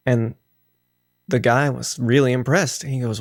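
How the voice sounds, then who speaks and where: Casting: male streamer, mid pitch, playful storytelling, dry close mic. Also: steady tone, measured pace, pauses often, no room sound. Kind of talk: telling a joke on a livestream.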